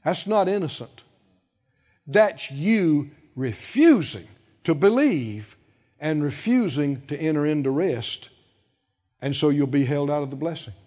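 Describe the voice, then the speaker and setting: A man preaching a sermon with emphasis, acting out quoted voices and building to loud peaks. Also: a little high, lively intonation, unhurried. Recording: dull, reverberant hall sound.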